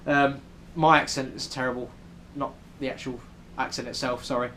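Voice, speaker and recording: A man's voice: medium pitch, steady tone, moderate pace, pushed and bright, a little hiss or hum. A young man with a British accent, chatting casually in a travel vlog with lots of ums. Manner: chatty, many ums, rambling. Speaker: vlogger. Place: hotel room in New York City.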